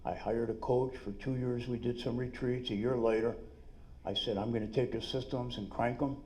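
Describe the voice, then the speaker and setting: A middle-aged man with a New York accent gives an energetic, salesy seminar talk at a conference, full of quick asides. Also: mid-range voice, a little hiss or hum. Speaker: dentist and business speaker. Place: conference room.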